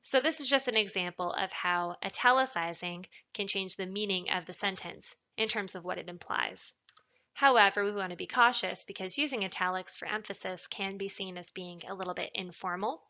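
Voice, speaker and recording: Woman tutor, bright clear explainer, lesson narration on a dull lo-fi recording. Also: medium pitch, normal speed. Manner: clear, explanatory, leans on stressed words. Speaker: writing tutor.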